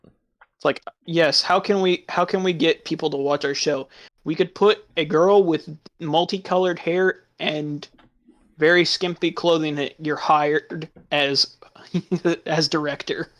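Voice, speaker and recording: A man's voice: a little high, fairly even intonation, unhurried, fairly bright tone. A man chatting casually, laughing often through crude, sarcastic remarks. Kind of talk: casual chat.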